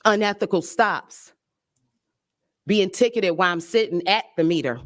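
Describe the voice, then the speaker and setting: A woman's voice: medium pitch, lively intonation, a little slow, long pauses. A middle-aged woman giving an impassioned public speech at a remembrance ceremony, emphatic and urging, in short punchy phrases.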